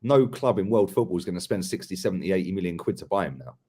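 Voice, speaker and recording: A man's voice: deep voice, lively intonation, fast, warm tone, slightly rough. A young man, co-hosting a casual live football chat, blunt and emphatic, with plenty of slang. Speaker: football podcast co-host.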